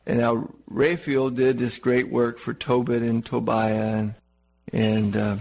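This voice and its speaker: A man delivering a folksy, conversational sermon. His voice is gravelly and a little husky, and he talks plainly to the congregation. He often stops to correct himself mid-sentence. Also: mid-range voice, little pitch movement, slow, a little mellow. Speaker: preacher.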